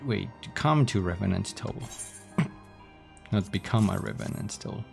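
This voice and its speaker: A man's voice: on the low side, a little slow, gravelly, darkish tone, soft background music. A man voicing an earnest, starstruck young woman recruit who speaks in formal, archaic phrases.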